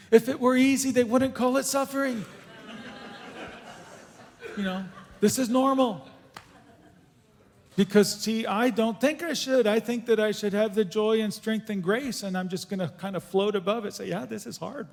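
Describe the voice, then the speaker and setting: A man giving an earnest, halting testimony as a guest speaker at a church conference question-and-answer session. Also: high-pitched, vocal fry, darkish tone. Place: church auditorium. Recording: echoey church hall.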